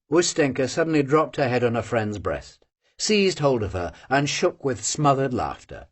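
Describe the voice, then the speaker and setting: An audiobook reader narrating a classic novel unabridged, in a slow, measured voice that drops low between lines of dialogue. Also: big pitch swings, husky.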